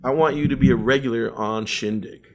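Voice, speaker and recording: A man's voice: mid-range voice, a little fast. An older man, a musician guest in an interview, animatedly telling a story and acting out the voices of the people in it.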